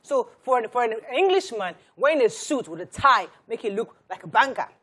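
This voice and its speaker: A woman's voice: on the high side, very animated, a little fast, fairly bright tone, slightly rough. A woman hosting a studio panel discussion, posing probing questions and often repeating words as she works toward them. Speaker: talk show host.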